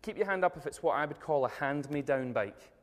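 A man giving a jokey, energetic talk to a live audience, telling stories and speaking directly to the crowd. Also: a little high, fairly quick. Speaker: motivational speaker. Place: event room with tables and audience. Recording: long reverb of a large hall.

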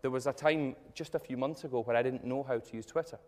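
A man giving a jokey, energetic talk to a live audience, telling stories and speaking directly to the crowd. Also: mid-range voice, fast talker. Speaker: motivational speaker. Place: event room with tables and audience. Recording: long reverb of a large hall.

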